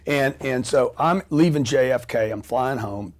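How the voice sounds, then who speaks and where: A middle-aged man with a mid-range voice tells a story as a guest on an interview show, speaking a little slowly. He's animated and profane, acting out scenes with sound effects and quoted voices.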